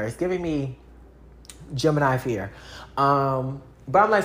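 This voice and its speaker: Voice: mid-range voice, expressive, normal speed, fairly bright tone, reverberant. Young adult vlogger, loose rambling chat, heavy on slang and "like". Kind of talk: casual rambling monologue.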